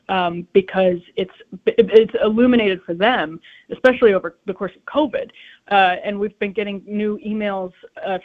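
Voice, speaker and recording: An indignant woman guest making her points with quick emphasis. Her voice comes down a thin, tinny phone line. Her pitch sits in the middle. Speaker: guest commentator. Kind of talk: radio interview by phone.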